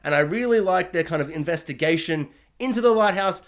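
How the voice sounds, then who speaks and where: A man's voice: high-pitched, lively intonation, a little fast. A young man giving a casual, rambling TV episode review, often acting out characters' lines.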